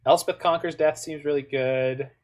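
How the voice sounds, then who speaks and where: A man's voice: on the high side, fairly even intonation, normal speed. Playful man chatting through a card game. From Canada. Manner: playful, joking, muttered asides. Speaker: online card game player. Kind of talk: casual gameplay commentary.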